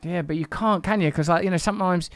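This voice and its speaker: A man, hosting a relaxed interview in a wry, reflective way. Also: high voice, fast, dry recording, studio quality. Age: 40s. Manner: wry, reflective, swears casually. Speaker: podcast host. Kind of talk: casual conversation.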